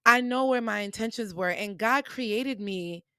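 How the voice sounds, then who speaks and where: A woman's voice: a little high, a little slow, clear, resonant tone, no echo. Podcast host woman telling stories. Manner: animated, acts out quoted dialogue. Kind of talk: personal storytelling monologue.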